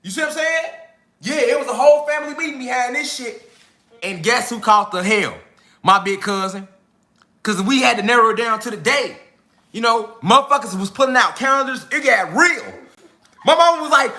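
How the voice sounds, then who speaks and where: A young man with a very high, bright, sharp voice tells a rowdy comic story in heavy slang. He drops into his relatives' voices as he goes, all in lively storytelling mode. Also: a little fast, reverberant. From Chicago. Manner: animated, slangy, acts out family members. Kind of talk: comedic storytelling.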